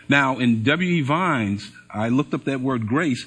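Husky, lively-voiced male preacher. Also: mid-range voice, unhurried, few pauses, soft background music. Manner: call-and-response, asks congregation to repeat and answer. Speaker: pastor. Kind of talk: sermon. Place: church service with congregation.

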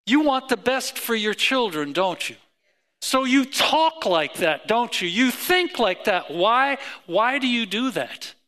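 A middle-aged man preaching a sermon as pastor, emphatic with repeated phrases that climb in pitch. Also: lively intonation, slow pace, sharp tone.

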